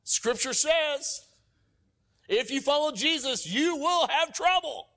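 A male pastor delivering a sermon with a high-pitched voice. His tone is bright and ringing. He talks energetically, acts out quoted lines, and moves between loud emphatic peaks and quiet asides. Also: animated, slow pace.

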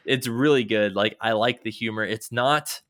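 A man's voice: lowish voice, normal speed, fairly bright tone, no echo, clean studio sound. A man casually rambling about a video game, loose and swearing now and then, with many fillers.

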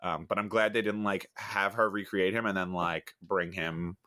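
A man's voice: low-pitched, fairly even intonation, moderate pace, pushed and bright, dry recording, studio quality. A man co-hosting a casual podcast chat, rambling and hesitant with many fillers. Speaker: podcast co-host. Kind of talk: casual chat about a TV show.

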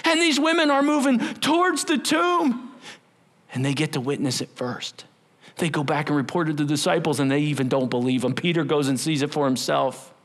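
A man's voice: on the high side, fairly quick, a bit bright. A middle-aged male pastor preaching a sermon, telling the story with acted-out voices and sudden drops to a whisper.

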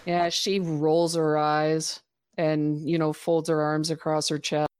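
A woman's voice: low-pitched, flat delivery, slow pace, a little mellow, clear, resonant tone, no echo, clean studio sound. A woman playing a tabletop game, hesitant and full of fillers as she describes her character's actions. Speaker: player.

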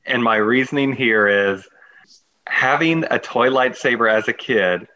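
A man chatting casually on a podcast, relaxed and keen on pop culture. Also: medium pitch, measured pace. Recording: dull lo-fi sound.

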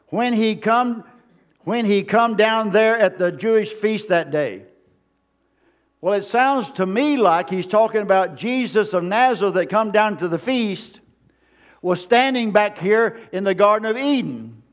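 A man with a high-pitched voice delivers a sermon from the pulpit. He hammers his points home with repeated phrases and reaches out to the congregation for amens. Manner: emphatic preaching with repeated phrases. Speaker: preacher.

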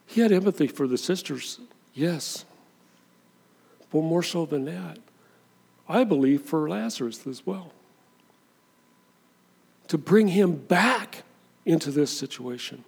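A man's voice: on the high side, animated, takes it slowly, creaky, long pauses, a little mellow, husky, in a large hall. A man preaching a sermon as pastor, talking conversationally and dramatizing the scripture he reads.

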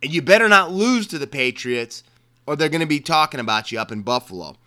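On the high side and pushed and bright, this man's voice has lively intonation and a brisk pace. He's a sports podcast host from Maryland, USA, offering casual football picks full of joking asides and repeated phrases.

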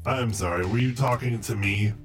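A man's voice: on the low side, normal speed, faint music behind, close to an everyday voice. A man voicing a snarky, condescending male assassin droid in a tabletop game. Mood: snide. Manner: haughty, disdainful. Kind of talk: tabletop game role-play.

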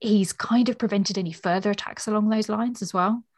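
A woman's voice: medium pitch, brisk. A woman co-hosting a book podcast, chatting casually and reading a passage aloud with expression. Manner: reads aloud expressively, relaxed chat otherwise. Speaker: podcast co-host.

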